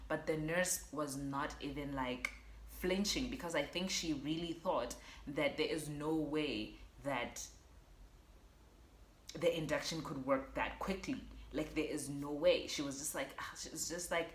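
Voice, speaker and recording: A young woman from Botswana telling a personal story to her viewers in an animated way, acting out what people said. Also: sits low, normal speed, echoey room. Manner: animated, acts out quotes, addresses viewers as guys. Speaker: vlogger. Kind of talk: storytelling vlog.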